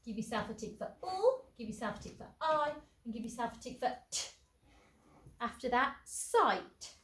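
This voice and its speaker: A woman's voice: fairly high pitch, big pitch swings, normal speed, fairly bright tone. A woman teacher, giving a phonics lesson and sounding out letters in an encouraging way. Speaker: primary school teacher. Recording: echoey room, faint background noise.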